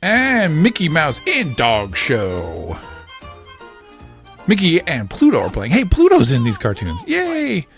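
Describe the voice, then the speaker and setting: Over soft background music, a podcaster whose voice sits a little high excitedly relays a cartoon episode to his child. Frequent laughter punctuates his telling, and he jumps quickly between voices for the characters.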